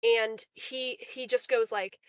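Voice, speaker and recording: A woman telling a story on a livestream in a casual, animated way, full of "like" fillers. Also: fairly high pitch, slow, smooth, dry recording. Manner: animated, filler-heavy retelling. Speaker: guest on a livestream.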